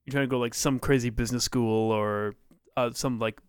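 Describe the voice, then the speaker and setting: Smooth-voiced man, hesitant and trailing off. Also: medium pitch, steady tone, a little fast, dry recording. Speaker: podcast co-host. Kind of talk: casual chat.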